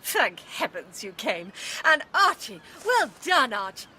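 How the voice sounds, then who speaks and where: A crisp, prim heroine. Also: female voice, fairly high pitch, sing-song, unhurried, sharp tone, a little hiss or hum, full character voice. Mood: alarmed. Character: brisk, prim English heroine secretary. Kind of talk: comic radio drama acting.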